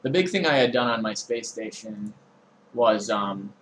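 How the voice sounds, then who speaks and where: A young man streaming a game, talking through his inventory in a relaxed, meandering way with frequent ums and uhs. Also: fairly low pitch, measured pace, slight background noise, poor audio. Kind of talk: casual let's-play commentary.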